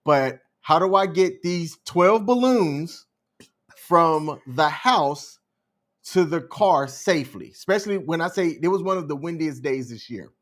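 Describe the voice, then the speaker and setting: A man co-hosting a podcast, telling a story in a calm, measured, unhurried way. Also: a little high. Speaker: podcast co-host. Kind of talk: casual storytelling chat.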